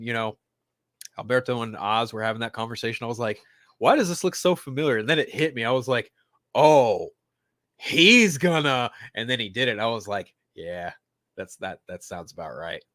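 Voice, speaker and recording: Profane, animated male podcast host. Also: mid-range voice, no room sound. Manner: swears constantly, mock-crying outbursts and animated swings. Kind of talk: profane casual pop-culture rant.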